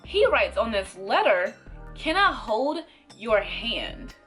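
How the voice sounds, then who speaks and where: Young woman doing a storytime vlog, bright voice, pitch bouncing all over, faint music under it. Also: takes it slowly. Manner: animated, acts out quoted voices, laughs between lines. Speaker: vlogger telling a story. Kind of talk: casual storytime monologue. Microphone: camera mic.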